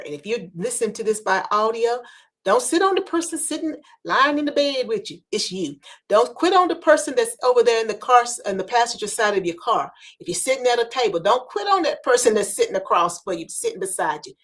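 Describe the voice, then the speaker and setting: A woman hosting a podcast, giving earnest, preacher-like encouragement with some hushed asides, over a video call. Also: fairly high pitch. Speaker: podcast host. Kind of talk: motivational talk.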